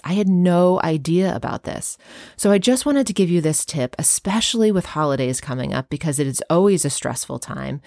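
A woman's voice: deep voice, darkish tone, no room sound, clean studio sound. A woman who works in health care, chatting casually as she explains breathing tips to viewers.

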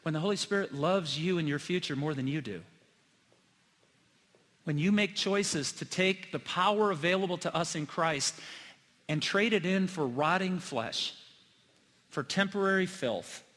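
A middle-aged man preaching a sermon to his church, telling personal stories earnestly and swinging between loud emphasis and hushed moments. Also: on the high side, a little slow, pauses often. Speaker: pastor. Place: church sanctuary. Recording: long hall reverb.

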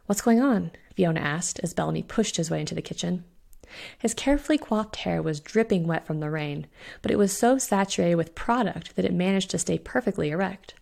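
A woman reading her own short story aloud in a steady, expressive storytelling voice. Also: fairly low pitch, brisk, gravelly. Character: witch Fiona voiced in own voice.

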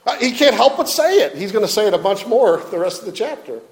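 A man's voice: high-pitched, very animated, fast talker, long reverb tail. A male pastor preaching a sermon emphatically, often repeating his questions and building to fervor.

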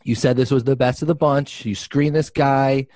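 A man's voice: medium pitch, steady tone, moderate pace, a little mellow, no echo, clean studio sound. A man co-hosting a comedy radio show, in theatrical, mock-indignant banter. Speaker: radio co-host.

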